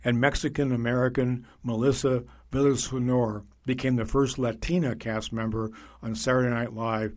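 A man narrating a magazine feature in a measured, scripted reading voice. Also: medium pitch, flat delivery, a little mellow.

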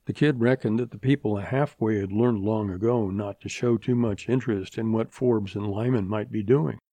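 A man reading a western novel as an audiobook, in steady, measured narration. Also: fairly low pitch, no echo.

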